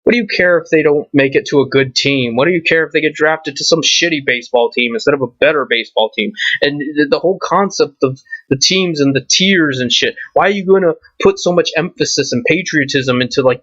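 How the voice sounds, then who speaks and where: A man's voice: on the high side, fairly quick, a bit bright, no echo. A man ranting and swearing to camera, firing off rhetorical questions. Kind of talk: profane rant to camera. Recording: dull lo-fi recording.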